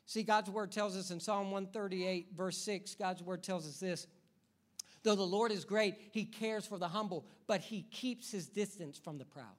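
A male pastor delivers a sermon in a bright, ringing voice. He drives each point home with rhythmic repetition and keeps turning to the congregation with rhetorical questions. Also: high-pitched, normal speed.

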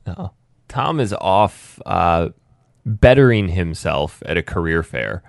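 A man's voice: sits low, lively intonation, takes it slowly, creaky, dry recording, studio quality. A man co-hosting a casual podcast, chatting and joking dryly. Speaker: podcast co-host. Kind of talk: casual chat over a call.

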